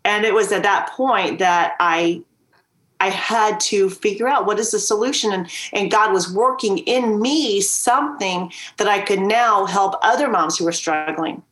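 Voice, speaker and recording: A woman's voice: medium pitch, a little slow, fairly bright tone. A woman guest on a video call, earnestly and emphatically telling her story as a mother. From Virginia. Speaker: podcast guest. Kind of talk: candid storytelling interview.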